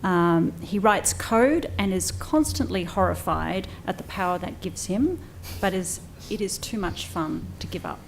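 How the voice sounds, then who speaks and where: A woman moderating a panel, briskly introducing each speaker with light jokes in a room with an audience. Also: lowish voice, lively intonation, slight background noise.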